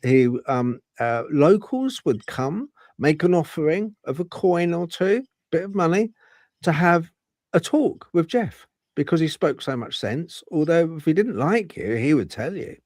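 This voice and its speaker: Male podcast host, lively up-and-down voice, rambles and restarts, dry close sound. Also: on the high side, unhurried, no room sound. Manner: rambling, with many fillers and restarts. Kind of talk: casual storytelling chat.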